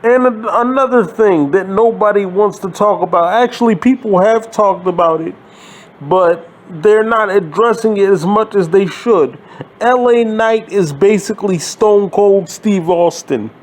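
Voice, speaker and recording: A man who hosts his own wrestling commentary channel speaks in a high-sitting voice at a measured pace. His profane wrestling rant is exasperated and sarcastic, laced with swearing.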